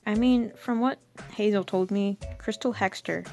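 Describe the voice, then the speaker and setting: A woman's voice: medium pitch, normal speed, warm tone, soft background music. A young woman rambling through her old comic with self-mocking casual commentary.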